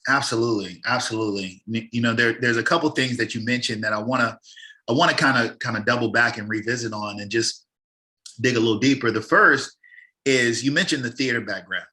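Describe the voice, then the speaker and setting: Bright-voiced male podcast host. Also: medium pitch, a little fast. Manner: encouraging, repeats words while building his questions. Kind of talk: casual interview talk.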